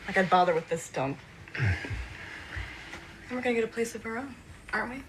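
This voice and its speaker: An actress playing a soft-spoken, teasing young girlfriend. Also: on the high side, lively intonation, normal speed, background noise, natural voice.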